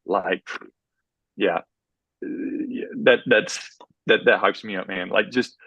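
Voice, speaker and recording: A middle-aged man, a college track coach, talking in a casual podcast interview with an intense, motivational drive and many quick restarts. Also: fairly low pitch, steady tone, fairly bright tone, breathy edge, dry recording, dull audio.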